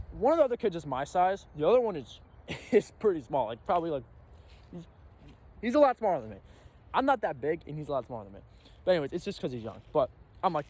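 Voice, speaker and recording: A young man telling a casual storytime vlog, animated and acting out his own panicked reactions. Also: fairly high pitch, normal speed, husky. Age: young adult. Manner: animated, acts out his own reactions with sudden loud bursts. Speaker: storyteller vlogger.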